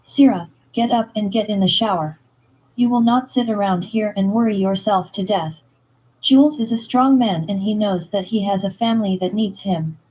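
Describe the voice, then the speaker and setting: A woman's voice: mid-range voice, moderate pace, mellow, slightly rough, highs cut off, natural voice. A woman reading the lines of a stern, protective grandmother who scolds firmly. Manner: firm, scolding.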